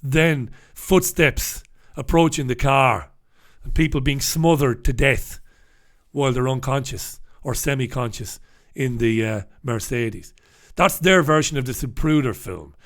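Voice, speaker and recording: A man's voice: medium pitch, animated, unhurried, fairly bright tone. A man hosting a humorous newspaper review on a live stream, casual and wry, swearing freely as he talks. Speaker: host.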